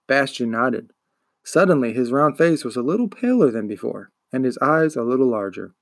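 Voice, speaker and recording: A man, a podcast host, reading a children's book aloud in an expressive storytelling manner. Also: mid-range voice, normal speed, no room sound, clean studio sound. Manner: expressive, acts out the characters.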